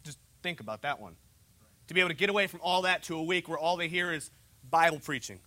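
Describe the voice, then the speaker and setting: Young pastor, bright and forceful tone, jokey conversational sermon style. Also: male voice, high voice, no echo. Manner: joking, conversational preaching. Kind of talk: sermon with humorous asides.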